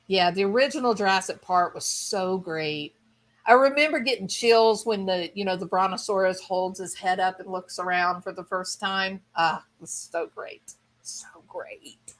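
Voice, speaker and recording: A woman streamer with a medium-pitched voice chats casually with her viewers at normal speed, rambling and thinking aloud with enthusiasm.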